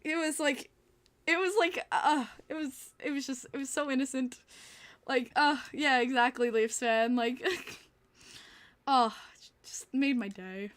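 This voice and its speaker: Young woman host, chatty and giggly, fairly high pitch, talks to live chat. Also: unhurried, long pauses, fairly bright tone. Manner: chatty, laughs often, answers chat. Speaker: podcast host. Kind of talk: casual livestream chat.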